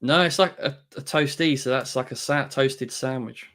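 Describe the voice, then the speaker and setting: A British man co-hosting a live podcast, relaxed and easygoing in casual chat. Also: mid-range voice, moderate pace. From United Kingdom. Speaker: podcast co-host.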